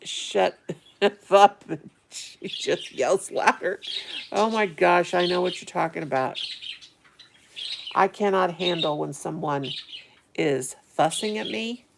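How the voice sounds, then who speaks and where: A middle-aged woman chats on and on to her live-stream viewers, reading their comments aloud. Her voice is quite low and full of vocal fry. Faint birdsong sits behind her. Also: measured pace, background noise. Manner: rambling, chatty, talks to viewers. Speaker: vlogger reading live chat. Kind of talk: casual live-stream chat.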